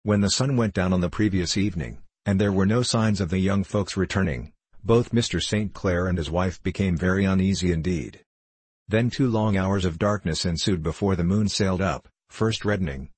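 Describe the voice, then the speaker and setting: Male audiobook narrator: measured, low and husky, dry. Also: darkish tone, no echo. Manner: measured storytelling. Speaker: audiobook reader.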